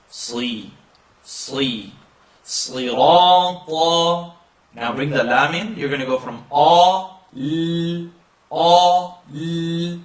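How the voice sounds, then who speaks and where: Distant from the mic in an echoey room, a man with a fairly high pitch teaches how to pronounce a recited text. He demonstrates slowly, stretching every syllable and chanting the phrases.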